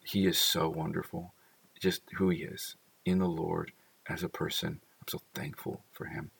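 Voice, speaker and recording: Very deep-voiced man, husky and gravelly, rambling casual talk, set back from the mic. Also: little pitch movement, moderate pace, a bit bright, distant mic. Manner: rambling, full of "like" and laughter. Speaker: father talking about his children. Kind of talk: casual heartfelt monologue.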